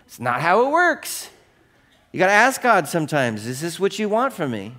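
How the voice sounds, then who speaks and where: This middle-aged male pastor gives a conversational sermon, questioning his congregation and performing the voices in his own anecdotes. His voice is high and a bit bright, very animated, and a little slow.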